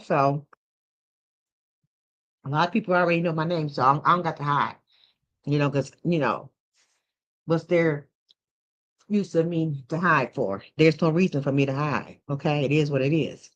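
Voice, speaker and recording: A woman's voice: sits low, normal speed, pauses often, dull audio. A woman hosting a casual livestream who rambles, uses many fillers, and keeps checking in with "okay?". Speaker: livestream host.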